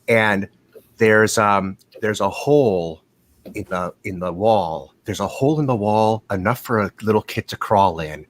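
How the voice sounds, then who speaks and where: A man hosting a casual live chat show from home in California, telling stories in a rambling, profane, animated way over a video call. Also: fairly low pitch, a little slow. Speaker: host of a live watch show.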